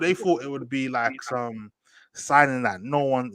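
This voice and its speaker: A young man hosting a casual football chat, slangy and animated, often asking "do you get me". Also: mid-range voice, moderate pace. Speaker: host.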